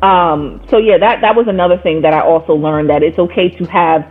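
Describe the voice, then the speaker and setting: A woman chatting casually as a guest, animated and acting out the voices she quotes. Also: lowish voice, brisk. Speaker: podcast guest. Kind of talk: casual conversation. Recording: tinny phone-like line.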